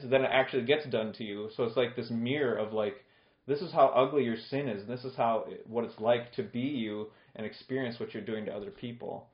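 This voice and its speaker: A male pastor giving an expository sermon in a conversational way, explaining scripture with plain everyday examples. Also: medium pitch. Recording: echoey room, dull lo-fi sound.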